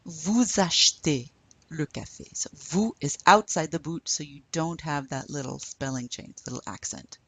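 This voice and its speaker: A woman teaching a French class in a recorded lecture, slowly modelling words for learners to repeat. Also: low-pitched, fairly bright tone, husky, no room sound. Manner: slow and deliberate, modelling pronunciation for learners to repeat.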